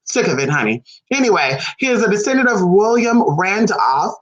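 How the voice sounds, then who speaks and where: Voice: big pitch swings, normal speed, dull audio. Sassy, profane vlogger with wild swings. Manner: sassy, profane, teasing asides; big swings between low mutters and high squeals. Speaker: vlogger on spiritual history. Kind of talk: casual ranting monologue.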